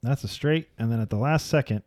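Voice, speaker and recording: A man's voice: medium pitch, a little fast, a little mellow, dry recording, studio quality. A man co-hosting a casual podcast, reading news items aloud with jokes and narrating a video as he watches. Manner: reads news aloud, jokey, narrates what is on screen. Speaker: podcast co-host. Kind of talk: casual chat. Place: podcast studio.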